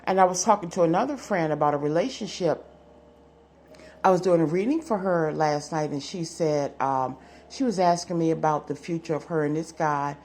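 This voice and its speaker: Lowish-voiced woman giving a chatty tarot reading. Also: moderate pace, darkish tone. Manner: chatty, self-assured, repeats phrases. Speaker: tarot card reader. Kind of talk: casual general tarot reading to camera.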